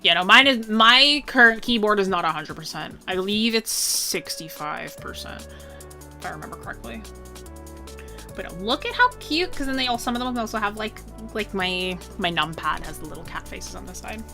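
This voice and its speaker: A young woman streamer chatting casually, bubbly and rambling, full of "like" and quick laughs. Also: mid-range voice, animated, over music. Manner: bubbly, rambling, heavy "like" filler, bursts of laughter.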